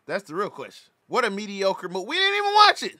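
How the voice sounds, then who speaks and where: High-pitched man trash-talking game characters. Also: huge pitch swings, quick pace, dry recording. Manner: loud trash-talking, roasting characters in slang. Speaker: gaming streamer. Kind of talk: comedic game commentary.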